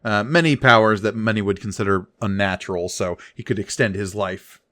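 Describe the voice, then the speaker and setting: Low-voiced male podcast co-host, dry sound. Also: brisk, pushed and bright, dry recording. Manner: explanatory, reads captions aloud. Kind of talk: casual comic book discussion.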